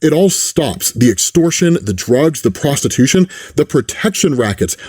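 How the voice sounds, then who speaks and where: A man's voice: on the high side, sing-song, moderate pace, darkish tone, slightly rough. A man reading as an indignant young masked hero. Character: angry, self-righteous young masked hero.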